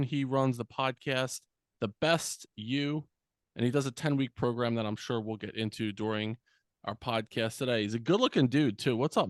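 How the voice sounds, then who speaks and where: A man from New Jersey hosts a casual podcast interview with an upbeat, chummy and talkative manner. His voice sits at a middling pitch and sounds dry and close, with little room sound. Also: dry recording. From Central New Jersey. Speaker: podcast host.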